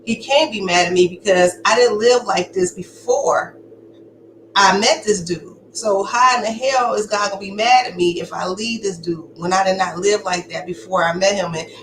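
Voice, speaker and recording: A woman's voice: medium pitch, moderate pace. Candid woman telling her own story. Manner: candid, conversational, emphatic. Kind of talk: personal testimony. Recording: echoey room with faint background noise.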